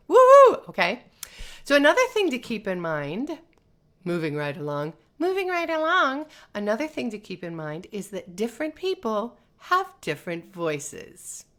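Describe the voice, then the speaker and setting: A North American woman voice teacher giving a chatty live-streamed lesson, reading viewer comments and talking in an animated, sing-song way. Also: on the high side.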